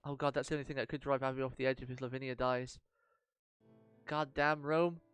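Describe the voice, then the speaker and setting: A man streaming a mobile game live, reading out the story and reacting excitedly as he plans his team. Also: mid-range voice, a little fast, clear, resonant tone, dry recording, faint music behind. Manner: excitable, reacts loudly, talks through strategy.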